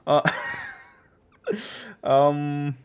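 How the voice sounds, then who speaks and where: A man's voice: on the high side, extremely slow, clear, resonant tone. A young man chatting casually over his gameplay, joking and rambling as he plays. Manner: joking, rambling, self-mocking. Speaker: gaming streamer.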